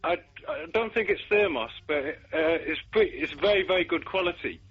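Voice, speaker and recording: A man chatting on a radio show, hesitant and halting, full of "uh" and restarts. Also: high voice, lively intonation, slightly rough. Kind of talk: casual chat. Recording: dull lo-fi radio recording.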